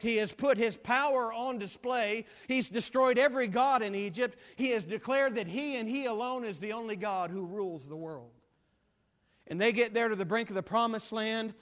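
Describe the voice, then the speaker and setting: A man with a high voice preaches a sermon and fills a big hall whose sound rings on after each phrase. He repeats words for emphasis and swings from loud declarations to hushed single words. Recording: long reverb of a large hall.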